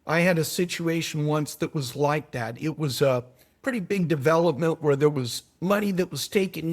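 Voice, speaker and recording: A middle-aged man speaking as a podcast guest, telling stories in an animated way, swinging from quiet asides to emphatic points. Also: fairly high pitch. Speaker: podcast guest, foundation manager. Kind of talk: conversational podcast interview.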